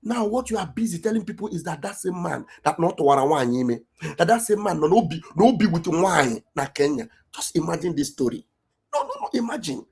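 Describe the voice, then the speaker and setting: A woman's voice: on the low side, big pitch swings, brisk, a little mellow, slightly rough. A woman with an Igbo Nigerian accent delivering an impassioned, accusatory political rant, raising her voice at times. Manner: fiery, accusatory, raises voice at times. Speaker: online political commentator.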